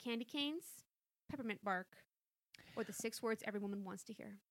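A woman reading an interactive story aloud, playful and lively between passages. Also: mid-range voice, a little fast, no echo. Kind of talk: storybook narration with chat.

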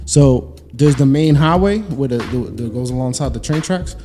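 A man from Newark, New Jersey, co-hosting a casual chat, animated and swearing freely as he argues his point. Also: medium pitch, normal speed, big-room sound, faint music behind. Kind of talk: casual banter.

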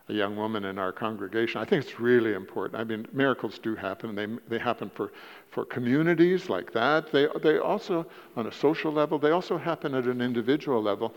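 A man preaching a sermon in a church, telling stories in a halting way, repeating words and rising in pitch for emphasis. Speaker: guest preacher. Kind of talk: sermon with storytelling. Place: church sanctuary. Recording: dull lo-fi church recording with long reverb.

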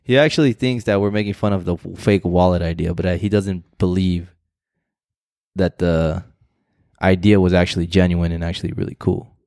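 A laid-back man co-hosting a casual podcast, with a somewhat low voice. He jokes and teases easily and laughs often, recorded close in a dry room. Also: steady tone, normal speed, a little mellow, no room sound. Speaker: podcast co-host. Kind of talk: casual chat.

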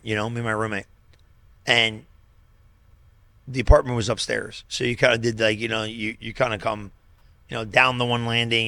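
A man's voice: mid-range voice, creaky, sharp tone. A middle-aged man pastor co-hosting a podcast, chatting casually and often affirming with short remarks.

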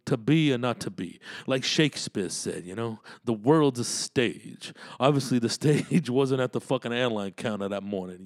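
A man's voice: mid-range voice, no echo, studio quality. A man hosting his own podcast, rambling in a loose monologue full of cursing and street slang. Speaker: podcast host and comedian.

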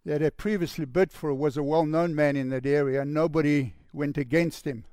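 A man telling a story in a sermon with a gravelly voice, earnest, and dropping to a hushed voice for the quoted lines. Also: on the high side, steady tone, brisk, no echo, clean studio sound. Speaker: preacher.

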